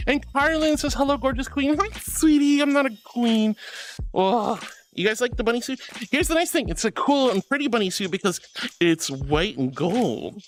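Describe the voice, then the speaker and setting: High, lively-voiced man streaming. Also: normal speed, soft background music. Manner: affectionate, calls viewers darling and sweetheart; giggly. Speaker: VTuber streamer. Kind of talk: live stream chat reading.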